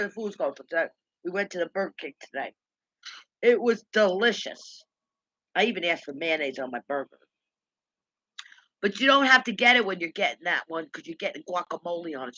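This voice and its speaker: A woman rants through a rambling story in a casual live stream, going back over each conversation and repeating herself. Her voice is bright and forceful, recorded close and dry. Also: mid-range voice, no room sound, rough recording. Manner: ranting, repetitive, retells conversations. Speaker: livestream host.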